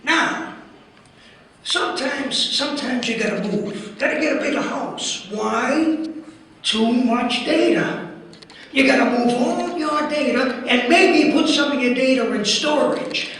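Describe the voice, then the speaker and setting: A man putting on a sardonic older stand-up comedian, ranting in rhythmic build-ups. The voice sits very high and carries a lot of hall echo, heard from well back from the mic. A faint hum of the room lies underneath. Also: a bit bright. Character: older male stand-up comic, wry and ranting. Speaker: comedian doing an impression at a conference. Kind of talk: stand-up impression. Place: conference hall. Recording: echoey hall, heard from far off.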